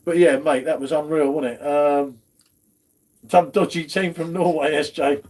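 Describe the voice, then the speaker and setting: A man's voice: fairly high pitch, steady tone, a little slow, darkish tone. A man hosting a casual beer chat stream, slangy and chatty. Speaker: host of a beer review stream.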